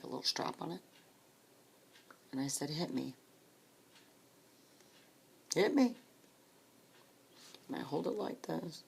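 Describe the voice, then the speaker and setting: A woman telling her own story of supporting grieving people, speaking softly and often dropping to a whisper, tearful at times. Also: sits low, creaky, breathy edge. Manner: soft, hushed, often breaking into a whisper. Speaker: grief support volunteer. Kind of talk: personal storytelling.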